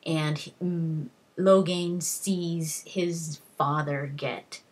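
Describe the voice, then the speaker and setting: A woman with a low, breathy voice talks through a book's plot in a loose, unscripted way. She circles back on herself and fills gaps with "like" and "you know" as she retells each scene. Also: fairly even intonation, drawn-out words. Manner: rambling retelling with frequent "like" and restarts. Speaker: book reviewer. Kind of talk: casual spoken book summary.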